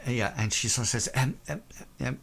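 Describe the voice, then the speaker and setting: A man's voice: mid-range voice, normal speed, vocal fry, crowd noise. A man narrating as game master of a tabletop horror game, casual and full of hesitations. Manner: casual, hesitant, many ums.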